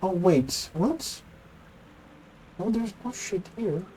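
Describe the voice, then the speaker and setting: A man streaming a video game, talking to his chat in casual commentary, thinking aloud, getting excited and swearing often. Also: sits high, slow, a little hiss or hum. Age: adult, former teacher. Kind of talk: casual live gameplay commentary.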